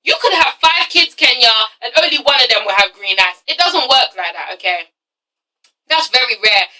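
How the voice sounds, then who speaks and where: A woman's voice: sits high, animated, moderate pace, pushed and bright, far from the mic, poor audio. A nineteen-year-old woman with an English accent ranting through a casual TV review, sassy and profane, often tacking "okay?" onto her points. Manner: sassy, swears a lot, keeps asking "okay?". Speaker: vlogger reviewing reality TV.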